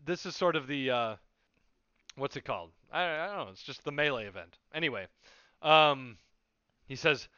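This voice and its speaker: A man narrating as game master of a tabletop game, unhurried and full of fillers. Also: a little high, expressive, pushed and bright, clean tone, no echo, dull audio.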